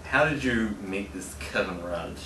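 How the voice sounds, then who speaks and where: Bright, teasing man. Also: lowish voice, expressive, measured pace. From Australia. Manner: playful, teasing, laughs easily. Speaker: podcast co-host. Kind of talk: casual radio-show chat. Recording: roomy sound, far from mic, faint hiss.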